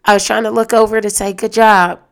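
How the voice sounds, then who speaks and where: A woman hosts her own podcast in a loose, conversational rant full of restarts. Her mid-pitched voice carries a steady gravelly fry. She sounds exasperated and keeps calling on her audience to weigh in. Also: very fast. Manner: animated and exasperated, talks straight to listeners. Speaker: podcast host.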